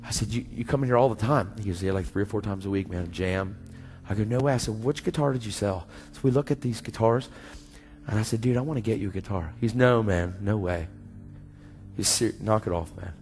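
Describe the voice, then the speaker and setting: A man's voice: on the low side, fairly quick. Slangy preacher man in an echoey church. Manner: animated storytelling, slangy, acting out dialogue. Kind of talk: storytelling sermon. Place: church sanctuary. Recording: church hall reverb with faint music.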